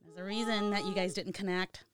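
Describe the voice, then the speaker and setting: A woman's voice: medium pitch, fairly even intonation, fairly quick, heavy background noise. A woman hosting a casual chat, telling gossip and swearing freely.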